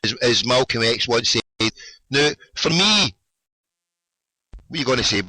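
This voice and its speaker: A man's voice: medium pitch, lively intonation, a little slow, sharp tone, dry recording, rough recording. A Scottish man hosting a radio show, arguing heatedly and cutting in again and again. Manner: insistent, keeps interrupting with "hold on"; swearing. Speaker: radio host. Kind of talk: heated debate.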